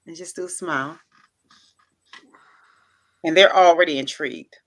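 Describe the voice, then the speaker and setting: Hosting a casual storytelling vlog, a woman speaks at normal speed in a low-sitting voice. She's chatty, playful and informal, scattering interjections throughout and often acting out the dialogue.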